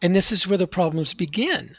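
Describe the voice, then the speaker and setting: A man's voice: sits high, a little fast, dry recording. Earnest middle-aged man telling his story. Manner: earnest, animated storytelling with reenacted outbursts. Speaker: podcast guest. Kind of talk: storytelling interview answer. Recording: dry, slightly dull audio.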